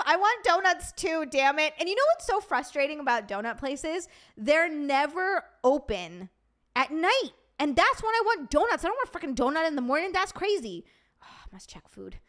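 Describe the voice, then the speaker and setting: High-voiced animated woman streamer. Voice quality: animated, swears freely, reacts to chat. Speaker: streamer host. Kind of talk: casual livestream chat reading viewer comments.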